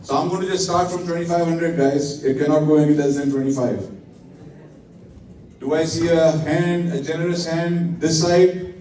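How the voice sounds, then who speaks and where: A man's voice: on the high side, fairly even intonation, normal speed, warm tone, a little hiss or hum. A man calling a live charity auction, coaxing the crowd to raise their bids. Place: event hall. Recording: echoey hall from far off.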